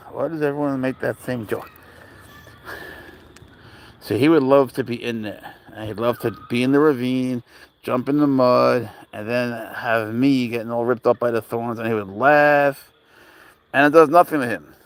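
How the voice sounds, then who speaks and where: A man with a gravelly, creaky voice talks off the cuff on a live stream while outdoors in a park. He rambles bluntly and swears freely, answering viewers' messages as he goes. His pitch sits in an ordinary middle range. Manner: answers chat messages aloud. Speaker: livestreamer walking his cat. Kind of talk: casual livestream chat.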